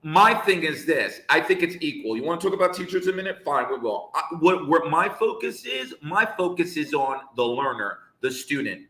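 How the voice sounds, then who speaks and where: A man's voice: fairly high pitch, big pitch swings, normal speed, hardly any pauses, pushed and bright. Passionate echoey man in his fifties. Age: 50s. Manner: passionate, emphatic, repeats points for effect. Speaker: show host. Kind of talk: live discussion.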